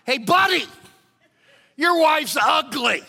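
A man voicing a rude male parrot in a pet store, squawking shrill taunts during a sermon story. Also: lively intonation, slow, sharp tone, long reverb tail, heavily acted. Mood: taunting.

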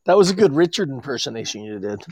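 A man co-hosting a podcast in casual chat, an expressive storyteller who acts out what people said. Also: medium pitch, fast talker. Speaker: podcast co-host.

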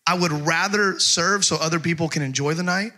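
Here a middle-aged man gives a sermon built on funny stories from daily life, then slows right down to stress passages of scripture. He has a somewhat high voice with a bright, forceful quality.

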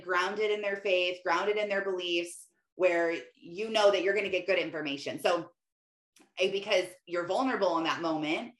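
A middle-aged woman talking casually about faith, rambling and chatty with lots of "like" and quick laughs. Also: on the low side, a bit bright. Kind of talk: casual faith-based monologue. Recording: roomy echoey room.

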